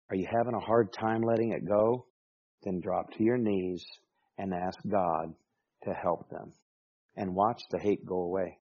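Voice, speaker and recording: A man preaching a sermon as pastor, emphatic, dropping soft and then rising to loud exclamations. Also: on the low side, husky. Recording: dull lo-fi recording.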